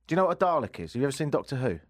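Lively, teasing radio host man. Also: mid-range voice, very fast. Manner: teasing, jokey storyteller. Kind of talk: casual radio banter.

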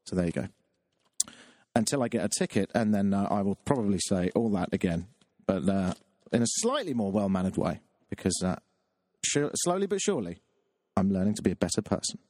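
A man's voice: lowish voice, animated, a little fast, a little mellow, no echo, clean studio sound. A man, a talk radio DJ telling a self-deprecating, rambling story on air. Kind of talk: confessional radio monologue.

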